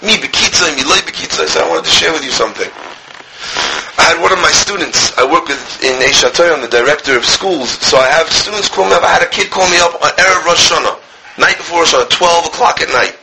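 A man, a rabbi and school director, preaching a sermon passionately, crying out at times and dropping to a hush as he tells stories. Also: fairly high pitch, quick pace, gravelly, background noise. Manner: impassioned, swinging from cries to hushed storytelling. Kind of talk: sermon with storytelling.

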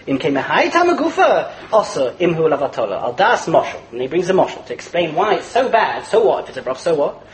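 A man teaching a Torah class in a lively lecture, chuckling as he explains and mixing Hebrew and Yiddish terms into his English. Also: fairly high pitch, fast talker, a little hiss or hum, low-quality recording. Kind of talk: animated religious lecture.

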